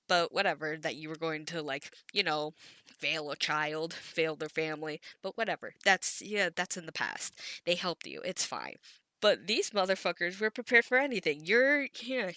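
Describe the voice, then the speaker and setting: A woman's voice: lowish voice, bright, forceful tone, no echo. A woman recapping an anime episode in casual chat, rambling with frequent giggles, stutters and restarts. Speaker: anime commentary creator.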